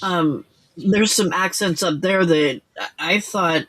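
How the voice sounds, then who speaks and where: Slow, rambling older woman. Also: lowish voice, fairly bright tone, breathy edge. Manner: rambling, hesitant, many fillers and restarts. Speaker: livestream crafting host. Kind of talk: casual late-night chat.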